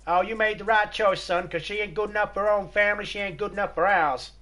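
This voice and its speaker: A man's voice: high-pitched, fairly even intonation, fast, pushed and bright, pitched above the performer's own voice. A man voicing a blunt, crude country father in a put-on American Southern accent in a joke. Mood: scolding.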